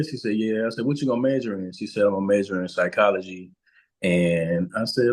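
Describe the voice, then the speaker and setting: A man with a very low, deep voice speaks as a guest on an interview podcast. He tells a personal story slowly and haltingly, pausing often and restarting his sentences. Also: husky, poor audio. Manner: slow, halting, with frequent fillers and restarts. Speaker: guest, relationship and trauma coach.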